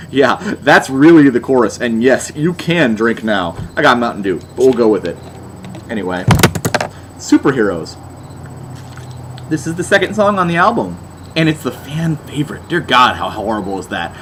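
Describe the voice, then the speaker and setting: A man's voice: mid-range voice, sing-song, moderate pace, fairly bright tone, slight background noise. A young man giving a sarcastic, exasperated album review, mocking as he goes.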